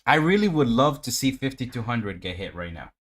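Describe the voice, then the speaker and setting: A man doing live trading commentary on a stream, talking to himself and his viewers in a profane, excitable, hyped-up way. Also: mid-range voice, brisk. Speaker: livestream day trader.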